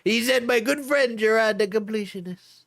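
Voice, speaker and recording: A man doing an impression of a brash, blustering older politician, grumbling in short, repetitive complaints with a hoarse voice. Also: high-pitched, moderate pace, a bit bright, dry recording, clean studio sound, pitched above the performer's own voice.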